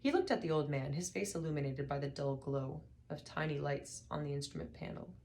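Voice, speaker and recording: A woman narrating a novel in a measured, dry storytelling manner. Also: sits low, a little mellow. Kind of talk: audiobook reading.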